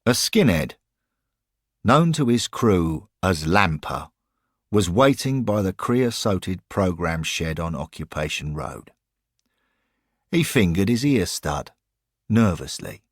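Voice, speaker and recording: A man narrating a scripted audio story in a measured way. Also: sits low, big pitch swings, dry recording, studio quality.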